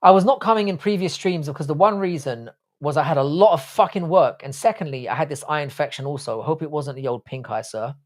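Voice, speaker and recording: Blunt, swearing Irish-born livestream host. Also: male voice, a little high, darkish tone. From Ireland. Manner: blunt, profane, chatty. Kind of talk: casual live chat reading comments.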